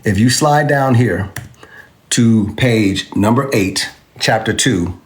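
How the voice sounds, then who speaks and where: Speaking slowly in a lowish voice, a man hosting a crypto video addresses a viewer's comment directly. He delivers an animated rebuttal to the camera that is emphatic, repetitive and taunting.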